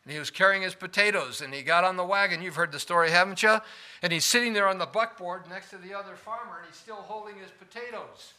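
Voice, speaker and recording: Male preacher, bright and a bit high, dynamic sermon delivery with questions to the congregation. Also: fast talker. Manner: swings between loud emphasis and quiet asides, asks the room questions.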